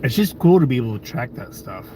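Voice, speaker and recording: A man's voice: medium pitch, fast talker, background noise. Laid-back rambling American man. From United States. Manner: rambling and relaxed, with frequent fillers, swearing and chuckles. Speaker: YouTube channel host talking with live-stream viewers. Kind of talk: casual live-stream chat.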